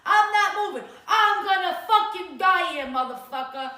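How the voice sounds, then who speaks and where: A woman's voice: very high voice, expressive, normal speed, pushed and bright, very echoey, recorded from a distance. A woman with a Brooklyn accent in a viral video clip, talking bluntly and full of profanity.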